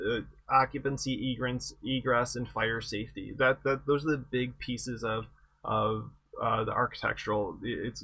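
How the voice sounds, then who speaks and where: A middle-aged man reviews material for an engineering exam in a lecture full of anecdotes, speaking conversationally, correcting himself, and joking wryly about past projects. His voice is medium-pitched and bright with a forceful tone, and there's no room sound.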